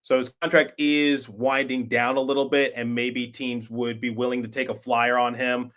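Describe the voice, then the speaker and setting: A man hosts a sports podcast with a bright, forceful tone. His talk is conversational and emphatic, and he sometimes repeats a word as he presses a point. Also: medium pitch, little pitch movement, normal speed. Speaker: podcast host. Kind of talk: opinionated sports commentary.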